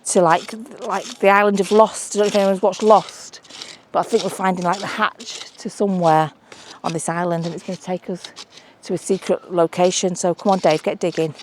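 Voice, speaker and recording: A woman's voice: lowish voice, darkish tone, slight background noise. A woman on a beach chatting casually and exclaiming over her finds as she searches the shore. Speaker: mudlarking vlogger. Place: outdoors on a beach.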